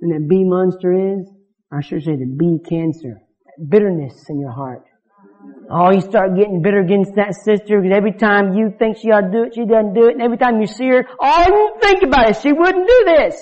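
High-voiced fervent male preacher. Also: fairly quick. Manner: fervent, swings between loud and low. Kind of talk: sermon. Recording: dull lo-fi sound.

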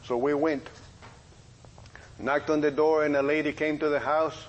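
Middle-aged guy preaching, high voice, folksy storyteller, bit of room hiss. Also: normal speed, dull audio. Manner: folksy storytelling with lively quoted dialogue. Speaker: preacher and police officer. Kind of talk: testimony sermon.

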